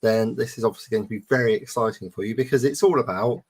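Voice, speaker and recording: A man's voice: on the low side, fast, husky. Easygoing, hesitant man on a panel. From United Kingdom. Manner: easygoing, hesitant, many ums. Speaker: panel co-host. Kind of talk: casual panel chat.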